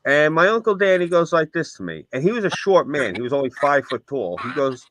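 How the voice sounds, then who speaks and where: A man's voice: fairly high pitch, sing-song, a little fast, hardly any pauses, fairly bright tone, no room sound. A man co-hosting a casual stream, telling rambling anecdotes. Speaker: stream co-host. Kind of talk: casual stream chat, storytelling. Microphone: desk mic on a stream.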